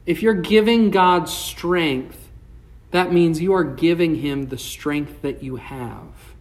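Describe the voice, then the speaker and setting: A male pastor delivers a sermon at an unhurried, deliberate pace. His preaching swells with passion and then sinks low, and he reads scripture aloud between points. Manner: impassioned preaching, rising and falling.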